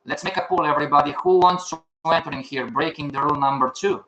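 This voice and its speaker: Older male instructor, slightly high voice, live class, quizzes his students then answers them himself. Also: fast, bright, forceful tone, muffled recording. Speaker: trading instructor. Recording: echoey room.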